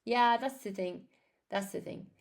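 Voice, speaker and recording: A woman's voice: medium pitch, unhurried. A woman with an Irish accent, an English teacher chatting on a live stream, reading out and answering viewer comments. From Ireland.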